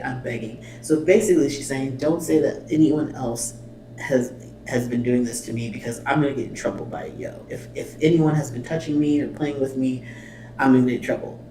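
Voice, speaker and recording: In an echoey room with a distant mic and faint noise, a man hosts a reaction video, reading subtitles aloud and commenting bluntly with swearing and exasperation. His medium-pitched voice is mellow with lively intonation at normal speed.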